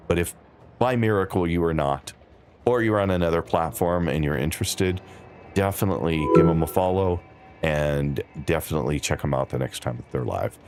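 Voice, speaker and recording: A man's voice: extremely low pitch, moderate pace, music in the background. A man casually chatting with his viewers while playing a game on a live stream. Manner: relaxed, chatty, talks to chat by name.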